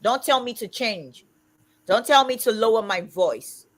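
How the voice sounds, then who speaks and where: A woman in her fifties hosting a casual livestream chat, talking loudly and emphatically. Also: a little high, lively intonation, a little slow. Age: 50s. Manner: loud, emphatic and outspoken. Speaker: livestream host.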